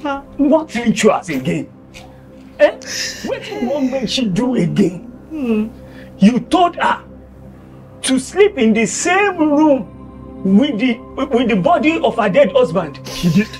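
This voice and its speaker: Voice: mid-range voice, very animated, slow pace, soft background music. An actor with a Nigerian Pidgin accent playing a relative who indignantly pleads on behalf of a grieving widow. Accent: Nigerian Pidgin English. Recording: film score under the dialogue.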